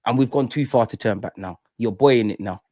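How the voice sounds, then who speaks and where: A man's voice: medium pitch, a little fast, a little mellow, dry recording, studio quality. A young man hosting a live fan show, ranting with passion, repeating himself and using slang. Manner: impassioned, repetitive, slangy ranting. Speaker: fan channel host. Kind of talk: emotional fan rant to live stream.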